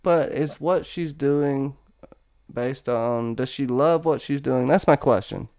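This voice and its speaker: A man hosting a casual online discussion of a TV show, animated, joking and laughing as he talks. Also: medium pitch, takes it slowly. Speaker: podcast host. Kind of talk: casual discussion on a video call.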